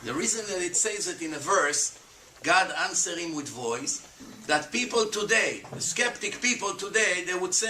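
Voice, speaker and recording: A man on a stream explains religious teaching to his chat with emphatic rhetorical questions and non-native English phrasing. His high, bright voice is expressive and forceful at a moderate pace. He's off-mic at a distance in an echoey room with faint noise.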